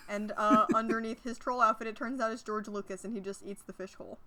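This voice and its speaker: A woman's voice: a little high, steady tone, quick pace, heavy background noise. A woman co-hosting a podcast in casual chat, dropping wry, sarcastic remarks. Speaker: podcast co-host.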